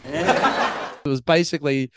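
A man's voice: fairly high pitch, slow pace, fairly bright tone, dry recording, studio quality. A New Zealand man co-hosting a podcast, trading crude jokes and banter in a casual chat. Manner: crude, joking banter with funny voices. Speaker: podcast co-host. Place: resort room, in person.

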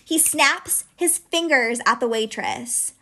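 A woman's voice: on the high side, lively intonation, slow, bright, forceful tone, a little hiss or hum. Chatty young woman telling a story. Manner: chatty, heavy use of filler "like". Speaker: podcast co-host. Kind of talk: casual storytelling chat.

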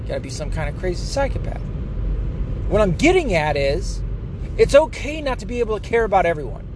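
A man's voice: high voice, big pitch swings, brisk, noisy background. A man from the United States ranting heatedly and sarcastically to the camera, swearing often. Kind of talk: profane political rant.

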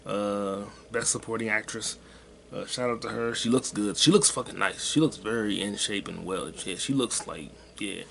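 Here the same kind of solo podcast rant comes through a lowish, creaky male voice with a fairly bright edge, moving at a moderate pace. He swears a lot and tosses off self-deprecating jokes as he rambles, and a little background noise is audible.

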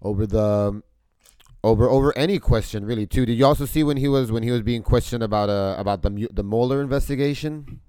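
A man's voice: mid-range voice, fast talker, warm tone, clear, resonant tone, no echo, clean studio sound. A man co-hosting a podcast, talking casually and hesitantly, often repeating his words. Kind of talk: casual chat.

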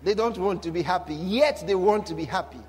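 A pastor with a notably high voice preaches a sermon briskly and with vivid humor, driving points home through emphatic repetition and lively asides. There's slight background noise.

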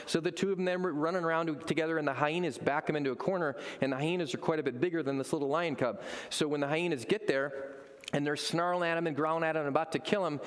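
A man's voice: a little high, quick pace, big-room sound. A man preaching a sermon as a pastor, telling stories with energy and acting out voices. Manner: animated storytelling, acts out voices.

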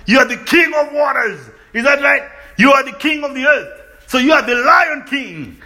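Male preacher, very high voice, forceful tone, call-and-response sermon, shouts and laughs. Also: expressive, normal speed. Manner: call-and-response, keeps asking "Is that right?"; breaks into laughter and bursts of shouting.

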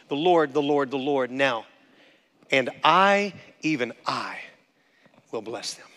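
A man's voice: high voice, fairly bright tone. A male pastor preaching a sermon with passion, calling out to the congregation for amens. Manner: impassioned preaching, calls for amen. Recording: long hall reverb.

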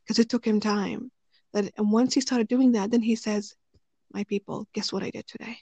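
Woman with gravelly fry, casual storytelling. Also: mid-range voice, fairly even intonation, moderate pace, mellow, dry recording. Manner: rambling, many fillers and restarts. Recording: dry, slightly muffled recording.

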